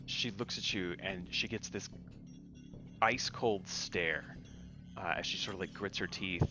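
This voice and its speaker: A man with a very deep voice running a tabletop game, narrating scenes slowly and descriptively, full of ums and uhs. Music plays clearly behind him. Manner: descriptive, unhurried, with many fillers. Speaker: game master.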